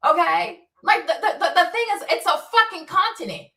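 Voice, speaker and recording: A woman's voice: extremely high pitch, moderate pace, hardly any pauses, bright, forceful tone, distant mic. A woman hosting a livestream commentary, talking casually to her viewers, swearing and firing off repeated rhetorical questions. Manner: emphatic, repetitive, rhetorical questions. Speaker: commentary show host. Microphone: streaming setup mic.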